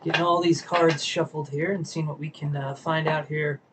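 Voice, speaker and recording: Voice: medium pitch, flat delivery, normal speed, heavy background noise. A tarot reader chatting casually on a live stream while shuffling cards, sleepy and yawning, greeting viewers and a pet.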